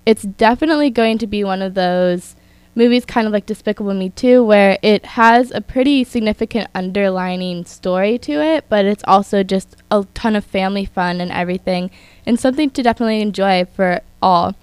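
A woman's voice: medium pitch, fairly quick, smooth, dry recording. A young woman hosting an entertainment news radio show, reading stories with chatty asides of her own. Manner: chatty, reads from notes with asides. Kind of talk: scripted entertainment news talk.

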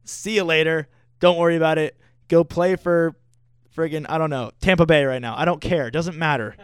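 An excitable young male co-host on live sports radio. His voice is smooth and clear, a little high, and very close to the mic in a dead, dry studio. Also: moderate pace, dry recording. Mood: gloating. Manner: excitable, gloating fan talk. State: out of breath.

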